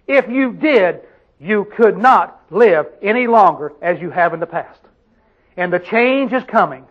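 A man's voice: sits high, lively intonation, a little slow, muffled recording. A man preaching a sermon, emphatic, putting questions to his congregation and answering them himself.

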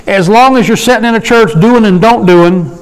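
A man with a high voice leads a Bible study sermon in a relaxed, conversational way. He slows down to read scripture aloud and keeps checking in with his listeners. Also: clean tone, rough recording. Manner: conversational, asks the room for agreement. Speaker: preacher.

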